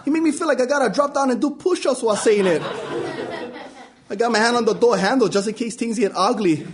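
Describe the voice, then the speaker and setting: A man's voice: very high voice, brisk, a crowd in the background. A man reading a story aloud with a wry, storytelling delivery. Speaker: reader. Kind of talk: spoken-word story reading.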